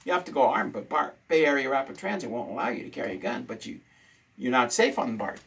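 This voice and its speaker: A man's voice: medium pitch, big pitch swings, fast, gravelly, a bit bright, breathy edge, rough recording. A man hosting a casual talk show, ranting indignantly and repeating his points for emphasis. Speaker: host.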